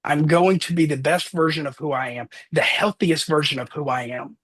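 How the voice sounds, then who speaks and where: A man's voice: a little high, moderate pace. Earnest man in his thirties, motivational. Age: 30s. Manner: earnest, energetic storytelling. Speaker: motivational speaker. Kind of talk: motivational talk with personal stories.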